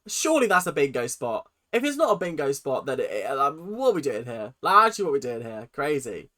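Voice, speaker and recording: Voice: mid-range voice, sing-song, a little fast, hardly any pauses, bright, forceful tone. A reaction video host with a British accent, ranting dramatically in casual commentary.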